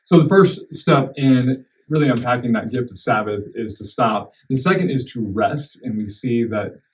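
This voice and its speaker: A man's voice: medium pitch, normal speed, distant mic, low-quality recording. A man hosting a church podcast, chatting casually, affirming his guest and steadily leading the talk. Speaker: podcast host, church minister.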